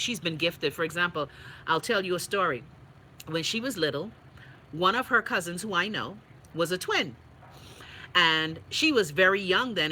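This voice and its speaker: A Bahamian woman from the Bahamas hosting a casual live stream, reading viewer comments with blunt, profane, animated talk. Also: lowish voice, slight background noise, rough recording. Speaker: host.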